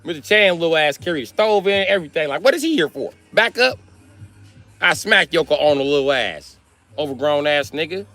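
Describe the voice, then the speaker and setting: A male comedian telling a profane, animated comic story on a live stream. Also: on the high side, a little fast, soft background music.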